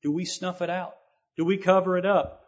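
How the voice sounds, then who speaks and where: A man's voice: high-pitched, fairly even intonation, moderate pace. A man delivers a sermon in an earnest, preacherly manner, his slightly raised voice swelling with emphasis as he reads and explains scripture. The recording is dull and lo-fi.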